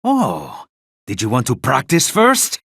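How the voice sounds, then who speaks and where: An actor playing a cocky, laid-back male swordsman rival in a video game, teasing, amused and unhurried. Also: mid-range voice, huge pitch swings, creaky, fairly bright tone, slightly rough, dry recording, studio quality, heavily acted. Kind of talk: video game combat barks.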